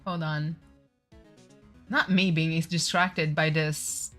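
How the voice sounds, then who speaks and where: Woman, low voice, slow talk, giggly, faint music behind. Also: steady tone, fairly bright tone. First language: French. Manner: giggly, apologetic, self-correcting. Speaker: streamer. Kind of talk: casual let's-play commentary.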